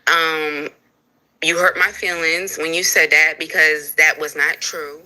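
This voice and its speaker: Candid woman with a bright voice. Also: sits low, measured pace, poor audio. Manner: candid, animated, repeats herself. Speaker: livestream co-host. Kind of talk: casual livestream conversation.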